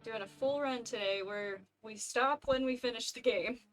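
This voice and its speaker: A woman gives casual, chatty commentary while streaming a game, often amused at herself. Her voice sits fairly high, and soft game music plays faintly behind her. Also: moderate pace. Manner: chatty, self-amused, laughs a lot. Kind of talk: casual let's-play commentary.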